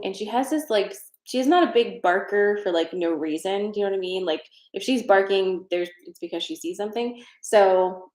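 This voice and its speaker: A woman's voice: medium pitch, a little mellow, echoey room. A woman hosting a tarot and energy livestream, chatting casually and leading a guided breathing exercise. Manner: chatty, rambling, many fillers.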